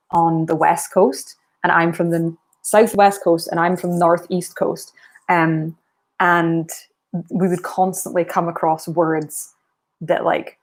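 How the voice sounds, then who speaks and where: A woman with a soft Aberdeen Scottish accent and a slightly low voice. She chats loosely and quietly, rambling with plenty of ums and a casual swear now and then, like a streamer talking to her viewers. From northern Scotland. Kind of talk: relaxed live-stream chat.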